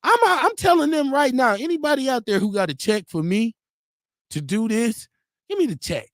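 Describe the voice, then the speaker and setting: Animated, high-voiced man hosting a stream. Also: normal speed, no room sound, clean studio sound. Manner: loose, animated, laughs often, acts out quotes. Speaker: host of a live talk stream. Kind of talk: casual chat, reading viewer comments aloud. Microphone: streaming mic.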